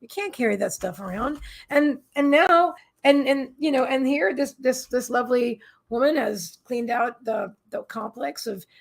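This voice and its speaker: A woman's voice: high voice, normal speed, gravelly. A middle-aged woman hosting a psychic livestream, telling a personal story in a rambling, emotional way with many restarts and asides to viewers. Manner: talks to viewers in chat.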